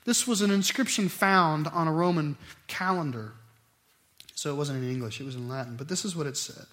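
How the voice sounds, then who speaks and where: A middle-aged man preaching a sermon, animated, swinging between loud emphatic stretches and quiet asides. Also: on the high side, a little fast. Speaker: pastor.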